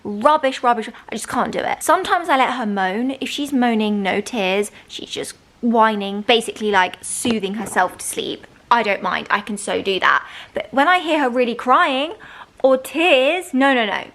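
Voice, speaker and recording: Chatty young mum, rambling. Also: female voice, on the high side, animated, moderate pace, fairly bright tone. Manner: chatty, self-deprecating, rambling. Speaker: vlogger. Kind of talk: casual vlog chat.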